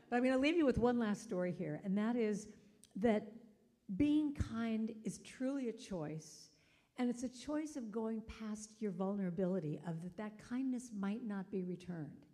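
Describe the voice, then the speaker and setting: Woman guest speaker with a warm, mellow tone, chatty and animated, storytelling from the pulpit. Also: on the high side, normal speed. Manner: conversational and animated, acting out the people in her stories. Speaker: guest speaker at a spiritual center service. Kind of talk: inspirational talk with storytelling.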